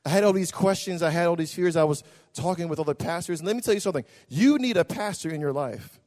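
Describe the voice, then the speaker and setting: A man preaching a testimony with passion and repetition, dropping to a hush and rising to a shout. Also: fairly high pitch, fast. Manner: impassioned, repetitive, swings from hushed to shouting. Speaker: pastor. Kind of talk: sermon testimony. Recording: long reverb of a large hall.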